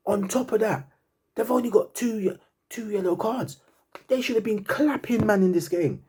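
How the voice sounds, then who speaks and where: This football fan commentator has a high-pitched, slightly mellow and husky voice, speaking at a measured pace with long pauses. He rants about a match in slangy chat, laughing in disbelief and repeating himself.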